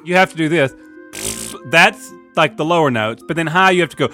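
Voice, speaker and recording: A man's voice: a little high, brisk, bright, forceful tone, soft background music. A man telling a story animatedly, imitating trumpet sounds in comedy banter.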